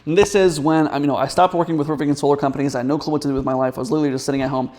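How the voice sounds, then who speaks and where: Fast-talking, rambling man. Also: a little high, steady tone, darkish tone. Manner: rambling, fast, many fillers and restarts. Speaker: business coach. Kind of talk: casual storytelling to camera.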